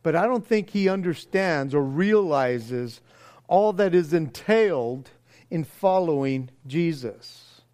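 Expressive and a little mellow, this pastor's voice is on the high side and his pace is slow. He gives a conversational, earnest yet casual sermon, restarting through stammers and often voicing the people he quotes.

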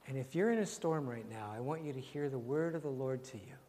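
An older man, preaching and praying in a church in a gentle, unhurried way, repeating phrases and often dropping very soft. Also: medium pitch, slight background noise. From Canada. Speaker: pastor. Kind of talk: sermon and prayer. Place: church sanctuary. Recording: long hall reverb, faint ambience.

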